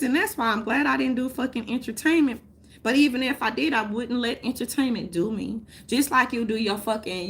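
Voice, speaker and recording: A woman, ranting loudly and profanely to her viewers, laughing often. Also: a little high, vocal fry, slight background noise. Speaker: vlogger. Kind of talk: unscripted rant to camera.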